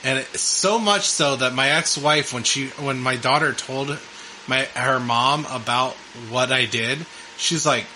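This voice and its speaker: A man's voice: mid-range voice, unhurried, sharp tone, slight background noise, rough recording. A middle-aged man co-hosting a casual podcast, rambling with ums and laughing often. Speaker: podcast co-host. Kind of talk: casual chat.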